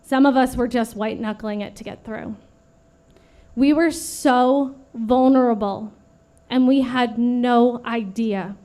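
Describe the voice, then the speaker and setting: A woman in her late thirties giving an earnest prepared memorial speech at a vigil, steady and read from a script. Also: a little high, slow pace. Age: late 30s. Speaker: vigil speaker.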